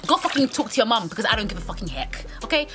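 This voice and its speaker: A woman's voice: on the high side, very animated, rapid-fire. A young woman with a British accent telling a brash, profane, dramatic storytime on her vlog. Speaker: vlogger. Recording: music playing under the voice. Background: music.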